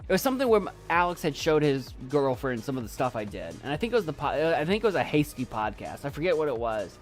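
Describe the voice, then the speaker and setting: A man chatting casually with viewers in a calm, soft voice, halting with many restarts as he chokes up. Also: a little high, faint music behind. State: choking up. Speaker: YouTube creator and poet. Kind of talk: casual live chat with viewers.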